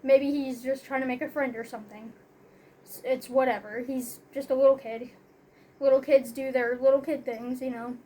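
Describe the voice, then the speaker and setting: A young woman with a high, light voice tells a personal story in a loose, rambling way. Her talk is packed with "like", "you know" and "um" as she goes. A faint hiss sits under her voice. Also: fairly even intonation, moderate pace, warm tone. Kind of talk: casual storytelling.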